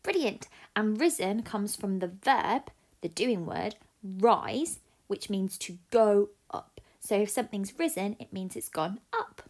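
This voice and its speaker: A woman teacher, slowly sounding out words in a phonics lesson and praising pupils. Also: medium pitch, animated, darkish tone. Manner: slow, clear and encouraging, sounding out letters. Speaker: primary school teacher. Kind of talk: phonics lesson and reading a story aloud.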